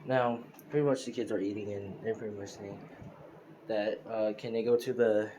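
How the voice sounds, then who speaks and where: A man telling an improvised fan story out loud, rambling with lots of fillers and restarts. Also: fairly low pitch, fairly even intonation, normal speed, noisy background.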